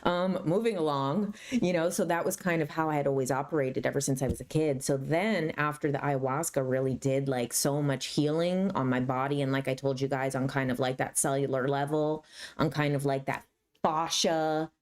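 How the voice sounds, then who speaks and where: A woman's voice: low-pitched, moderate pace. A woman in her thirties, a YouTuber telling stories casually to camera and acting out other people's lines. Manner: animated, acts out her mom's voice mid-story.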